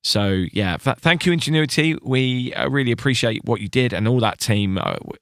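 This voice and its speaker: A man's voice: mid-range voice, lively intonation, moderate pace, creaky, smooth, no echo, clean studio sound. A man co-hosting a podcast in casual chat, restarting his sentences often and laughing easily. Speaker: podcast co-host.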